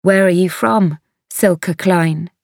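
A woman voicing a gentle young male soldier in an audiobook, speaking slowly and carefully. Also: lowish voice, creaky, dry recording, studio quality. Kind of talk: audiobook reading.

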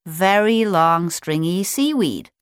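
A woman's voice: on the low side, animated, slow, smooth, no room sound, studio quality. A woman voicing Bobby, a chatty, eager young male sea otter in a storybook reading, raising her voice a little. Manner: friendly, keen to show what he knows.

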